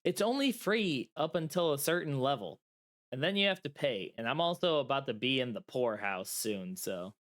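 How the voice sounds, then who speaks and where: Guy on a remote call mic, easygoing middle pitch, jokey and stubborn, just chatting. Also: expressive, moderate pace, fairly bright tone. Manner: joking, playfully stubborn. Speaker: podcast co-host. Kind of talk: casual chat.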